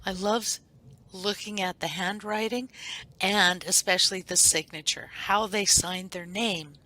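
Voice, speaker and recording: A woman narrating her own video and reading an old family letter aloud in a slow, measured way. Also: mid-range voice, steady tone, sharp tone.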